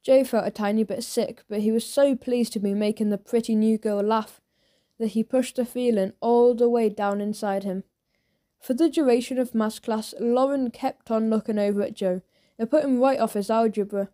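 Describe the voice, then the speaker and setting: A woman narrating a children's audiobook with lively storytelling. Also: fairly high pitch, moderate pace.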